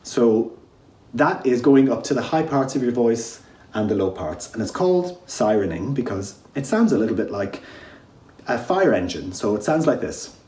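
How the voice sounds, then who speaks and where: A man teaching a home drama lesson, guiding listeners step by step through voice warm-ups and breathing exercises. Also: medium pitch, sing-song, moderate pace. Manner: encouraging, gives step-by-step instructions. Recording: echoey room.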